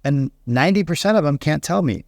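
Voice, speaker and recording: A middle-aged man, a real estate coach, talking in an animated podcast monologue and acting out the people he quotes. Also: fairly high pitch, brisk, vocal fry, no echo, studio quality. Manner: animated storytelling, acts out quoted voices.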